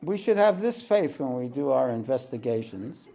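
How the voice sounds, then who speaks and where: A man from the American East Coast giving a relaxed spoken teaching to a group, clearing his throat often and joking now and then. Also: medium pitch. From East Coast of the United States. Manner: slow, wandering delivery with frequent throat clearing and jokes. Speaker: spiritual teacher.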